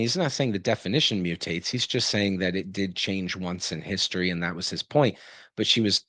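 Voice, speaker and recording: A man's voice: low voice, fairly quick, sharp tone, dry recording. A man giving reaction commentary, sarcastic and indignant as he rants.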